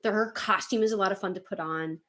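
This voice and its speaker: A woman hosting a livestream, chatting casually with viewers and reading their comments, animated and quick to laugh. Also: mid-range voice. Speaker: livestream host.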